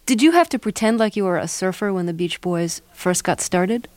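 A woman hosting a radio interview, asking measured, prompting questions. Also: lowish voice, expressive, a little mellow, dry recording.

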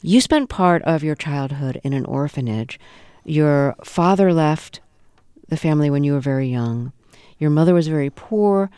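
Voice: mid-range voice, normal speed, warm tone, clear, resonant tone, no echo. An interviewer asking probing, conversational questions.

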